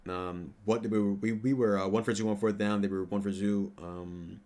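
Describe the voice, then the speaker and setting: A man with a fairly low voice runs through game stats in loose, rambling fan commentary. He stumbles over names and fills gaps with ums, then flares into loud, profane trash talk. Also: fairly even intonation, normal speed. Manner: fillers and self-corrections while reading stats. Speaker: sports fan channel host. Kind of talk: casual stat-reading reaction commentary.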